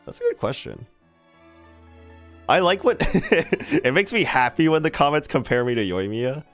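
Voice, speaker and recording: A streamer chatting casually with a live chat, animated and rambling, laughing often. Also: medium pitch, normal speed, faint music behind.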